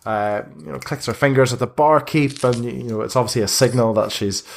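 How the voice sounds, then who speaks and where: A man narrating a tabletop game as game master, rambling and filling pauses with "you know" and "um". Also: medium pitch, gravelly.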